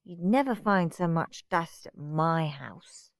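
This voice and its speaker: A woman's voice: deep voice, takes it slowly, no echo. A woman voicing a bossy, prim little girl who complains and gives orders.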